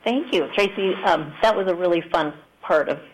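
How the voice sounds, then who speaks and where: A woman from South Dakota speaks as a radio guest in a studio, her voice a little low for a woman. She is friendly and earnest, and often pauses with little fillers. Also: slight background noise, poor audio. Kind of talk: radio interview answers.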